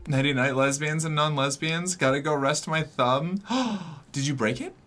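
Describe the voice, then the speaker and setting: Faint music sits under this casual stream, where a young Northeastern US man rambles on, reading viewer messages and using plenty of fillers. His pitch runs on the high side, his tone is fairly bright, and his intonation stays fairly even at a moderate pace.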